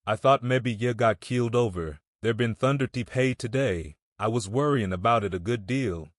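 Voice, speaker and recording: A man's voice: mid-range voice, normal speed, no room sound, clean studio sound, natural voice. A man doing a dazed, wounded young soldier. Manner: rural dialect, pleading.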